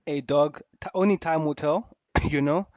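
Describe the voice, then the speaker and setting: A man co-hosting a casual football podcast, animated, laughing often and repeating himself. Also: on the high side, normal speed, no room sound, muffled recording. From South Africa. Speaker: podcast co-host.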